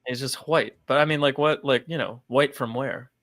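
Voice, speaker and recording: A man's voice: medium pitch, moderate pace, a bit bright. A man co-hosting a podcast, chatting casually about comics and films with joking sarcastic asides and frequent laughs. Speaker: podcast co-host. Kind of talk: casual comic book chat.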